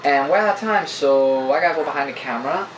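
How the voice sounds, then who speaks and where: A man's voice: on the high side, fast, slight background noise. Eager rambling man in an echoey room. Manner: eager, rambling, many fillers. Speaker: comic book reviewer, co-host. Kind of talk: casual review chat, plot recap. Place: indoor room with a camera.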